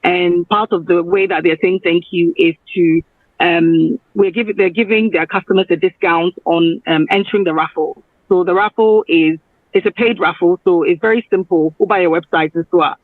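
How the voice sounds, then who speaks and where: A man from Ghana, a guest on a radio show, talking in a halting, rambling way and often correcting himself. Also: sits high, fairly even intonation, dry recording. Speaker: guest promoting a travel raffle. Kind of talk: phone-in radio interview. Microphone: phone. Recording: tinny phone line.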